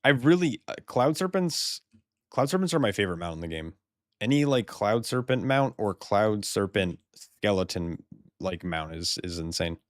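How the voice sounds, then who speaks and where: A man's voice: lowish voice, very animated, moderate pace, no echo, clean studio sound. A man streaming a video game in casual chat, swearing, laughing often and stammering when surprised.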